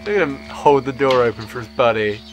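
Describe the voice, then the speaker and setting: A man commenting on a game he is playing, jokey and excitable with sing-song exclamations. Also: medium pitch, brisk, rough recording. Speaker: gaming video host. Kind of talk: let's-play commentary. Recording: game music playing behind.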